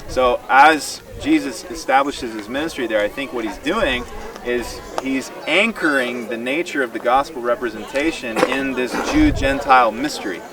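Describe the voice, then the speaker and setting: A man giving an animated, emphatic Bible teaching to a tour group outdoors. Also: mid-range voice, normal speed. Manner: animated and emphatic, acts out quoted dialogue. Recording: distant mic outdoors with crowd noise.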